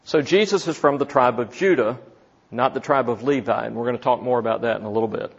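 A man teaching from the Bible in a sermon, slow and deliberate, asking his listeners questions. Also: mid-range voice, breathy edge, lo-fi sound. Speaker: preacher.

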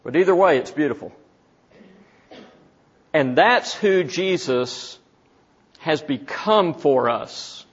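A man teaching from the Bible in a sermon, slow and deliberate, asking his listeners questions. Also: a little high, lively intonation, husky, lo-fi sound. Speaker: preacher.

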